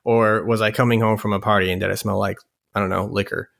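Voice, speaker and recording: A man's voice: fairly low pitch, little pitch movement, fast talker, vocal fry, fairly bright tone. A man co-hosting a podcast in casual chat with wry, self-deprecating remarks. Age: older than his sister. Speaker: podcast co-host.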